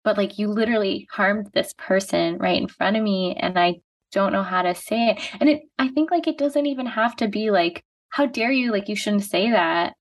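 A woman's voice: medium pitch, moderate pace. A woman in her thirties from the United States, a podcast guest talking casually and reflectively with lots of "like". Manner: reflective, heavy use of "like". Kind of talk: casual conversation. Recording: voice a bit distant from the mic.

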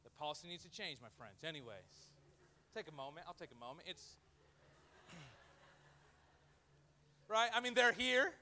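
Lively, bright-voiced male pastor preaching. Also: fairly high pitch, normal speed, long pauses, a little hiss or hum. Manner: lively and jokey, acts out quoted voices. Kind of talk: sermon. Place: church before a live audience.

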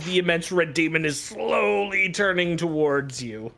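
A man's voice: on the high side, animated, moderate pace, gravelly, few pauses, sharp tone. A man narrating as game master, rambling with many fillers.

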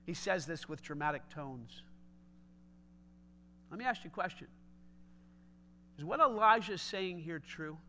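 A man preaching a sermon, swinging between loud emphatic lines and hushed low asides, often asking the congregation direct questions. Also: animated, measured pace, long pauses, slight background noise. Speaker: pastor.

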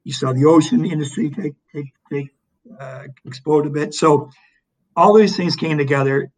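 A man's voice: fairly high pitch, normal speed, poor audio. A man being interviewed, talking conversationally with lots of restarts and fillers. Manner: animated storytelling with frequent restarts and fillers. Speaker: interview guest, economic development leader.

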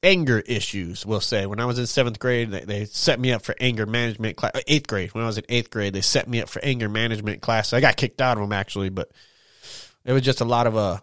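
A man's voice: fairly low pitch, fairly bright tone, no room sound, studio quality. A young man talking casually and frankly on his own podcast, rambling, swearing often and tagging lines with "man". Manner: candid, profane, rambling with drawn-out "man". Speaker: podcast host.

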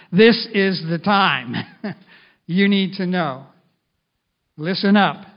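A middle-aged male pastor preaching a sermon in an animated way, at times speaking in the first person as Jesus. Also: high-pitched. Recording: dull lo-fi sound.

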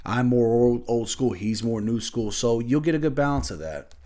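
A man's voice: mid-range voice, normal speed, dark tone. A man hosting his own podcast, talking casually and ranting bluntly with lots of swearing. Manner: loose and conversational with fillers. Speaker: podcast host. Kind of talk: casual solo podcast chat.

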